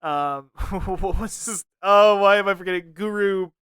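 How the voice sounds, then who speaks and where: Bright, crisp high-voiced laughing man. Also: a little slow, dry recording, clean studio sound. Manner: laughs often, trails off searching for names. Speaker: podcast co-host. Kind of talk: casual chat.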